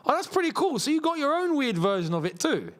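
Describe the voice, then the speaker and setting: Young man, high voice, animated pitch, casual watchalong host, laughs a lot, slangy banter. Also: fast. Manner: chatty, laughs often, slangy London banter. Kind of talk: casual live match commentary and chat.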